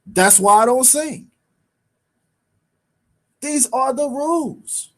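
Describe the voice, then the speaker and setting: A man's voice: extremely high pitch, animated, slow pace. A man hosting a sports talk show, bantering in casual street slang and repeating his points for emphasis. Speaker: sports radio host.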